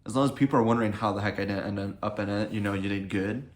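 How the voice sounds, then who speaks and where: Young guy rambling through a funny story, kinda low voice, roomy echo. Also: fast. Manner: rambling, excitable storytelling with self-corrections. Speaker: comedy video creator. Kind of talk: storytelling vlog. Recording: echoey room.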